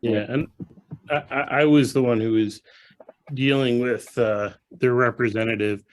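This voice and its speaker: A man's voice: mid-range voice, steady tone, unhurried, a little hiss or hum. A man on a video call, a board member, explaining in a plain matter-of-fact way how he handled a negotiation. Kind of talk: business meeting discussion.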